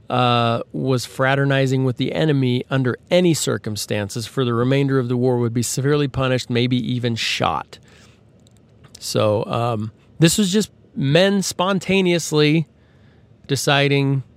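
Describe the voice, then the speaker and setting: Male podcast host, mid-pitch, conversational and earnest, dead-dry close sound. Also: no room sound. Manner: conversational, earnest, with frequent fillers and restarts. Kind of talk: casual monologue.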